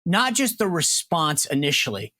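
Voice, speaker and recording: A man hosting a political talk show, speaking in an animated, digressive way, often restarting his phrasing and acting out imagined comebacks. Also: fairly high pitch, normal speed, no room sound, clean studio sound. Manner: animated, acts out imagined retorts. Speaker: show host.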